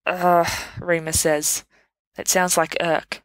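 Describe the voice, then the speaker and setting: Woman narrator, lowish voice, measured storybook reading, dry close recording. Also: steady tone, no echo, rough recording. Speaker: podfic reader. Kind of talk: audiobook narration.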